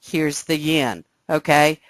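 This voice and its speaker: A woman teaching a live trading webcast, explaining step by step and often checking that listeners follow, sounding excited. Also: sits low, takes it slowly, dry recording. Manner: excited, animated. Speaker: trading instructor. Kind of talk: live trading room lesson.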